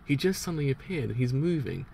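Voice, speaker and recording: A determined young male gang leader gives tense, quick warnings to his group. A man reads him out in a gravelly voice, with a faint hiss behind. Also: mid-range voice, big pitch swings, warm tone. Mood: urgent, alert. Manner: urgent, alert, protective.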